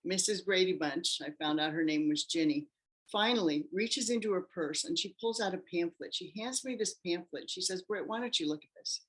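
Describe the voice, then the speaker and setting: A woman interview guest recounts her own story with animated delivery. She slips into the voices of the people she quotes, and her speaking voice sits a little on the low side. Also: normal speed. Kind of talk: personal storytelling.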